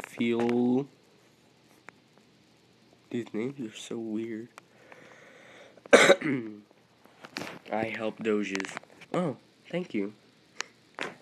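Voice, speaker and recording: A man commenting on his own gameplay as he plays, excitable, yelping at other players one moment and muttering to himself the next. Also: medium pitch, a little hiss or hum, rough recording. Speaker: gaming video creator.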